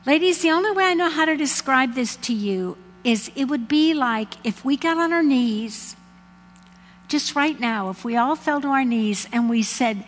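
High-voiced woman preaching in a hall. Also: lively intonation, moderate pace. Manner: dramatic, acts out prayers and dialogue with God. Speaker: speaker at a women's gathering. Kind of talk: sermon. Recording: long hall reverb.

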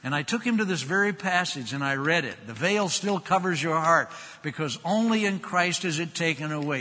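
Older man preaching in a reverberant hall. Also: fairly high pitch. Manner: emphatic, swings from loud to soft. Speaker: pastor. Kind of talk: sermon.

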